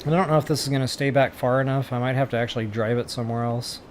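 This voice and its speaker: A man's voice: mid-range voice, fairly even intonation, rapid-fire, slight background noise. Chatty man thinking aloud while gaming. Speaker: gaming tutorial creator. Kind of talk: casual gameplay commentary.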